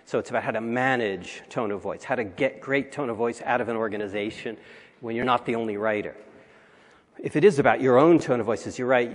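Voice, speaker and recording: A man giving a conversational conference talk with wry asides, recorded in a large hall. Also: fairly low pitch. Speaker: conference speaker.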